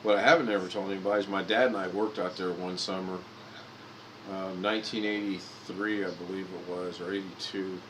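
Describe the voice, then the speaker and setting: A man in his fifties from Indiana, talking through a relaxed livestream in a somewhat low voice. He rambles from one anecdote to the next, restarting phrases and correcting himself as he goes, with a faint air-conditioning hum in the room behind him. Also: a little fast. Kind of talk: casual storytelling monologue.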